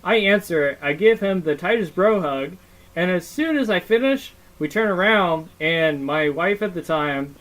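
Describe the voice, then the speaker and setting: A man's voice: high-pitched, lively intonation, moderate pace, fairly bright tone, rough recording. A young man co-hosting a podcast, telling stories in casual chat, swearing freely and using lots of fillers. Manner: profane, storytelling with lots of fillers. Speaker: podcast co-host.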